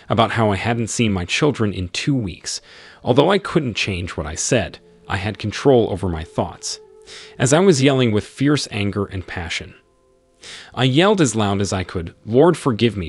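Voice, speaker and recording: A man, host of his channel, narrating a first-person story in an expressive reading style. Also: fairly low pitch, slightly rough, no room sound.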